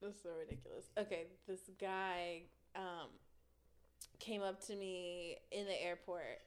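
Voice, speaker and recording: A young woman on a podcast telling stories in casual chat, giggling often and getting animated. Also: fairly low pitch, a little slow. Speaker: podcast guest.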